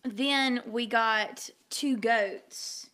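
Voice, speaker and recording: A woman with a notably high voice, chatting casually. She tells her story in an animated way, leaning on "like" constantly. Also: very slow. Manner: animated storyteller, heavy use of "like". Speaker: guest telling a story. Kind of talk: casual chat.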